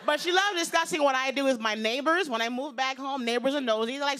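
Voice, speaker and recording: A woman's voice: sits high, fast, a bit bright. A woman in her fifties doing a brash, confiding stand-up routine on stage before a live audience. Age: 50s. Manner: brash, confiding, punchline-driven. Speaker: stand-up comedian.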